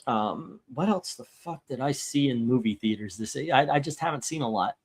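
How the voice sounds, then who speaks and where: A man's voice: medium pitch, lively intonation, normal speed, breathy edge. A man hosting a casual talk show, chatting loosely with frequent restarts and swearing. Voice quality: rambling, profane, with restarts. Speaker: host. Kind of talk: casual chat.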